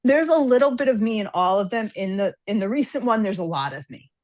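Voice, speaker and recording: A woman on a podcast telling a story with energy and doing quick voices for the people in it. Her pitch sits in the middle range. She chats casually and sounds at ease. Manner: animated storyteller, acts out characters' lines. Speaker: guest author.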